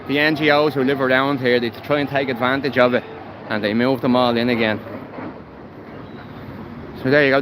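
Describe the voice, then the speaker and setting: A man with a Dublin accent giving blunt, heated commentary while walking outdoors, filmed on a phone. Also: mid-range voice. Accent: Irish, Dublin. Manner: blunt, heated, swears freely. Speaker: livestreamer. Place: outdoors on city streets. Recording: outdoor street recording with traffic noise.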